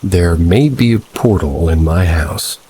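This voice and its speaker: A man reading true paranormal stories aloud as a steady, low-key horror narrator. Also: measured pace, slight background noise, low-quality recording.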